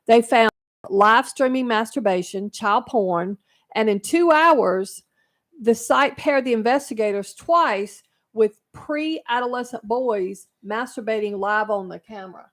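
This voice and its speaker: A woman's voice: on the high side, measured pace. A woman co-hosting a talk radio show, earnestly explaining a concern with frequent ums. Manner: earnest, informative, many ums.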